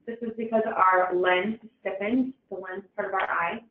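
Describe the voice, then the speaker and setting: A woman talks through an educational webinar in a loose, casual way, with fillers and restarts. Her voice sits at a middling pitch and comes through a thin, phone-like channel. It also sounds distant and roomy. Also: steady tone, moderate pace. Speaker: webinar presenter. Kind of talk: informal educational presentation.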